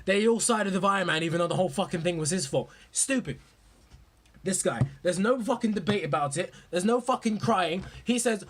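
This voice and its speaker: Young vlogger, husky, raised pitch, profane and rambling casual rant. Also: male voice, fast, a bit bright. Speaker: movie vlogger. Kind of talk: casual ranting commentary.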